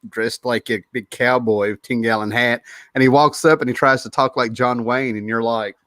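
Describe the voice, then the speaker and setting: A man's voice: mid-range voice, steady tone, moderate pace, a bit bright, no room sound. Guy hosting a chatty pod, jokey, laughs a lot, uh-uh fillers, super dry close sound. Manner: joking, laughs often, lots of fillers. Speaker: podcast host. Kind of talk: casual chat.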